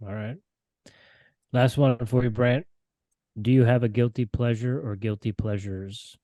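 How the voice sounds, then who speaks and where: A man's voice: mid-range voice, steady tone, measured pace, mellow. A man hosting a podcast, asking questions and dropping brief, laid-back replies. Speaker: podcast host. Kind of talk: casual interview chat.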